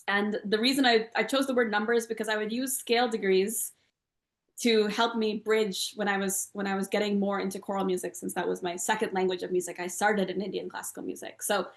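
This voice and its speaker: A woman composer and singer talks through her music in a relaxed interview, chanting rhythm syllables and counting beats out loud. She speaks over a video call from a room with a noticeable echo. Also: mid-range voice. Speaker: guest composer and Carnatic singer. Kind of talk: conversational interview explanation. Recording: roomy echo.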